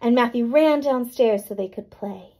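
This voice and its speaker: A woman teacher reading a picture book aloud to young children, gentle and patient, pausing to check in with them. Her voice is a little high, with a gravelly, mellow grain. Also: rough recording. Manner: gentle, checks in with "right?" and "okay?".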